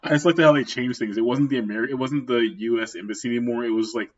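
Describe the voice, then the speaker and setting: A man's voice: mid-range voice, fast. A man co-hosting a podcast, chatting casually in a laid-back, wry way. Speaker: podcast co-host. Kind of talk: casual chat. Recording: dull lo-fi sound.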